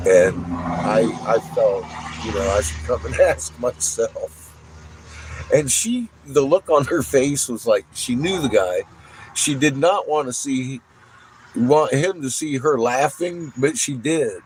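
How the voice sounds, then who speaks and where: A man's voice: medium pitch, slow pace, a little hiss or hum, poor audio. Profane, laughing man telling a story. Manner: profane, laughs often, animated retelling. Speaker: vlogger. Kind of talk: casual storytelling.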